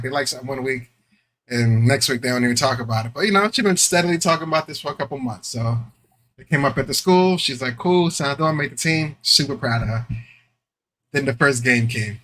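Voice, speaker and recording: A man co-hosting a podcast, telling animated stories full of slang and laughter in casual chat. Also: medium pitch, fast. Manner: animated storyteller, acts out quotes with laughs; slangy, repeats "you know what I'm saying". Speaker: podcast co-host.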